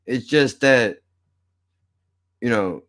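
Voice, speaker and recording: A man's voice: mid-range voice, extremely slow, a bit bright. A man streaming live, ranting to his viewers with exasperated, muttered swearing. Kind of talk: frustrated off-the-cuff rant.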